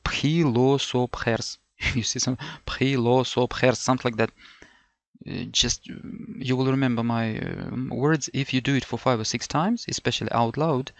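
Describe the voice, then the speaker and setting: A middle-aged man from Ukraine, medium in pitch and with no echo around him, prepares a learner for a language test in an online session. He works through things aloud, repeating words and correcting himself, with lots of fillers along the way.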